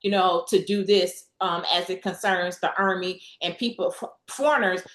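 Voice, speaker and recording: A woman guest in a faith-based interview, telling stories with scripture references and an animated delivery. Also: fairly low pitch, normal speed, roomy sound. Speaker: guest, real estate investor.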